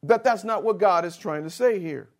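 A male preacher giving a sermon, spelling out words slowly and addressing the listeners directly and insistently. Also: high voice.

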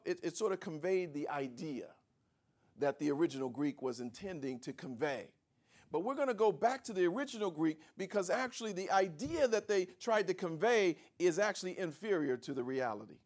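A man preaching a sermon, teaching word meanings and asking the congregation for responses, swinging from low asides to shouted emphasis. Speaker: pastor.

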